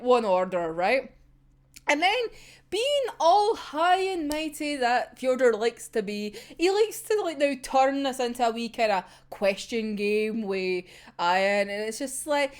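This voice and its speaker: A woman riffing through her reactions in a loose, chatty way, cursing freely and laughing often. Her voice sits high and swings widely up and down, while her delivery stays unhurried. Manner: animated, swears a lot, laughs often. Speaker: manga reaction commentator. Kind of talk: casual reaction commentary.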